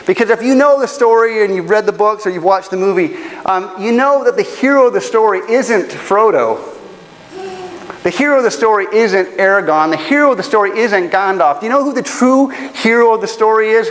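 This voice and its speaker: A man's voice: high-pitched, lively intonation, a little fast. A man preaching a sermon as pastor, telling stories in an earnest, emotional way. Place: church auditorium. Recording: long church hall reverb, faint ambience.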